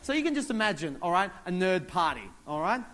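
A man telling a comic story on stage, animated, acting out other people and voices as he goes. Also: high voice, a little fast, slight background noise. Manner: animated, acts out characters and voices. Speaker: stand-up comedian. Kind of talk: stand-up comedy storytelling.

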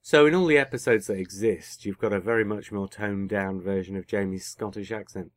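Speaking fairly quickly in a fairly low voice, a podcast co-host keeps the talk casual and teasing, often stopping to correct himself mid-sentence. The audio is clean studio sound with no echo.

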